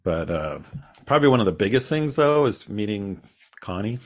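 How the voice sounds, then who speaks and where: A man's voice: on the low side, very animated, moderate pace. A man guest on a podcast, telling his own story in a rambling, casual way with frequent restarts and small laughs.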